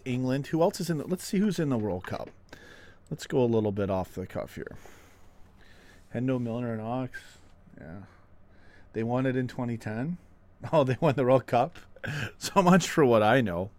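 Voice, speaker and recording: A Canadian man with a medium, slightly mellow voice hosts a casual football live stream from a room at home with the window open. Out of breath, he chats away, reads viewer messages aloud and pokes fun at himself.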